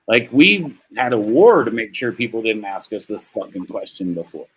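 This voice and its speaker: A man's voice: fairly low pitch, big pitch swings, moderate pace, a bit bright, husky, poor audio. An American man streaming to his viewers in a casual, rambling monologue that is heartfelt and profane, with laughs. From United States.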